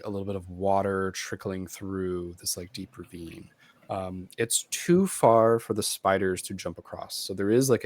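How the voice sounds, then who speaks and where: A man with a very deep voice runs a tabletop game as game master. He describes the scene in a loose, rambling way, full of "like" and "um".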